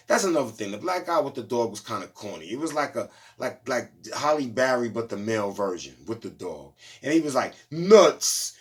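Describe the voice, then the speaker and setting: A man giving a loose, slangy movie review, retelling the plot in a casual storytelling way. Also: on the low side. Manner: loose slangy storytelling, lots of "you know what I'm saying".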